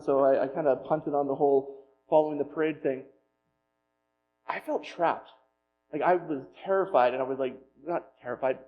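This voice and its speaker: A man telling a personal story as a pastor in a sermon, with self-deprecating humor and animated retelling. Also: fairly high pitch, highs cut off, a little hiss or hum.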